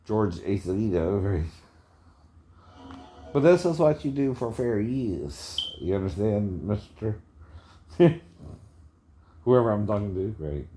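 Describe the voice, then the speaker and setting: Slow, low-voiced man chuckling as he rambles. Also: expressive, warm tone, a little hiss or hum. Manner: chuckles often, keeps asking "right?". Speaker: video commentator. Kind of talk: rambling commentary.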